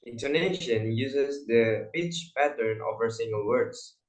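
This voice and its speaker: A young man with an Indonesian accent closes a student presentation by reading a summary. His voice is mid-pitched and his delivery is even. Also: unhurried, low-quality recording. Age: young adult.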